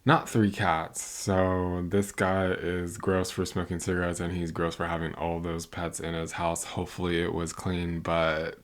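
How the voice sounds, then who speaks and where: A woman with a notably deep voice gives blunt, sassy reactions in casual commentary. She exclaims and scolds freely, talking straight to her viewers. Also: level tone, measured pace, few pauses. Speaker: reaction video host.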